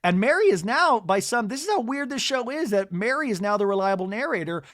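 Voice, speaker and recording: A man's voice: high voice, sing-song, brisk, a bit bright, dry recording, clean studio sound. A man hosting a podcast with a comic reality-TV recap, talking in a campy, indignant way. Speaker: podcast host.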